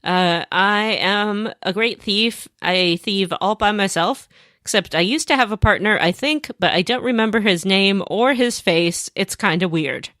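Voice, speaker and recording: A woman's voice: mid-range voice, measured pace, a bit bright, dry recording, studio quality, close to an everyday voice. A woman voicing a smug male vampire thief in a casual, offhand way.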